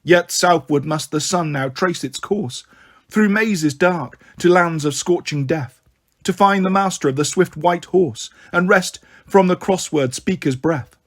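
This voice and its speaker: A man voicing a possessed girl who chants a prophecy in a deep, neutral monotone, read slowly in an audiobook. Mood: solemn chanting.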